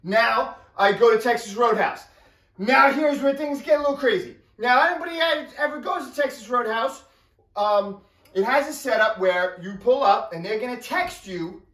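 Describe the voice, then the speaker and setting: A man telling a comedic story as a rant, animated and exasperated, acting out the other people in the story in quick character voices. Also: very high-pitched. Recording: roomy sound from a distant mic.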